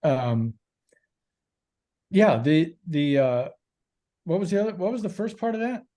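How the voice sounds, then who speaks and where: Man, guest author, patient step-by-step explaining, mellow tone, slightly high voice. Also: very animated, a little slow. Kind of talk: casual podcast chat.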